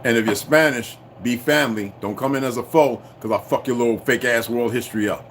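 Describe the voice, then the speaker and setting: A man ranting to his viewers in a profane, confrontational way, swinging between shouting and low muttering. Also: a little fast, slight background noise. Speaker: channel host. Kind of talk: unscripted rant to viewers.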